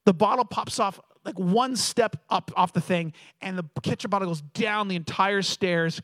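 A man preaching a sermon, telling lively personal stories and acting out the voices of people in them. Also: high-pitched, normal speed, few pauses, no echo. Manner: storytelling, animated, acts out quoted voices. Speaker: pastor.

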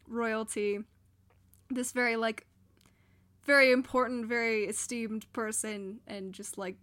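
Chatty woman with a high voice. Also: a bit bright. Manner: rambling, hesitant, many fillers. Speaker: podcast co-host. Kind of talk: casual chat.

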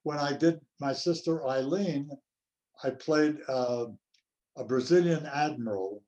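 An older male actor reminiscing in an interview, telling anecdotes in an unhurried way. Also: on the high side, a little mellow, highs cut off. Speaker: actor guest.

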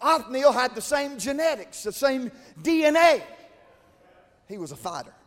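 A man preaching a sermon, swinging between shouted, chanted climaxes and quiet, conversational asides. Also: extremely high pitch, big pitch swings, normal speed. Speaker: pastor. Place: large church. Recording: long reverb of a church hall.

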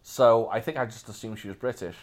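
A man chatting casually as a podcast host, lively and joking about himself. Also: medium pitch, brisk. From Wales. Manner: lively, joking, self-mocking. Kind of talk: casual chat.

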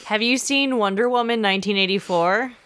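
A woman co-hosting a casual chat, reacting bluntly and quickly. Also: mid-range voice, fairly bright tone.

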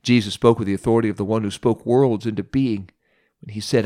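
A man's voice: fairly low pitch, fast talker. Dramatic male preacher telling a story. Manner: dramatic, expressive retelling. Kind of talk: sermon storytelling.

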